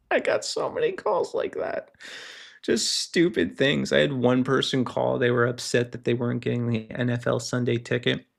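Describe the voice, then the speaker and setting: A man hosting a casual solo show, ranting and telling work stories in an animated way, acting out the people he quotes. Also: medium pitch, a little slow, creaky, pauses often. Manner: animated storytelling, acts out quoted callers. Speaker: podcast host. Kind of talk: casual solo rant, reading posts aloud.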